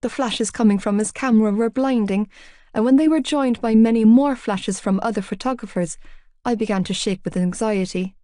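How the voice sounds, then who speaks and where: A woman's voice: fairly high pitch, moderate pace, dark tone, no echo, studio quality. A woman narrating a romance novel in the first person, in an intimate, confiding way. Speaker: audiobook narrator.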